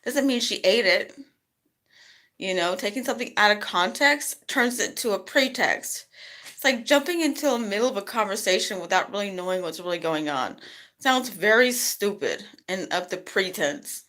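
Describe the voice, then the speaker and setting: Chatty woman vlogging, rambling. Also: normal speed. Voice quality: rambling, chatty, lots of "you know". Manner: animated, jumps high when quoting others. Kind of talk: casual talking-to-camera vlog.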